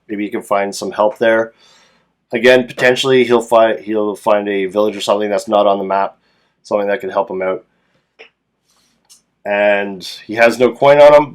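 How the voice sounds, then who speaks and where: A man casually narrating and playing a solo tabletop game as game master, thinking aloud as he rolls dice. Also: lowish voice.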